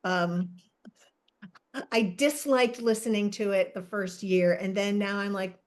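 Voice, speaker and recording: A podcast co-host with a medium-pitched, fairly even voice talks in an unhurried way during casual chat. She's chatty and laughs a lot, often breaking off mid-thought and wandering from the subject.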